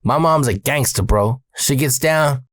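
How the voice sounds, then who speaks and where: A man telling a story from his youth in a casual, profane, animated way, full of slang. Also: medium pitch, unhurried, no echo, studio quality.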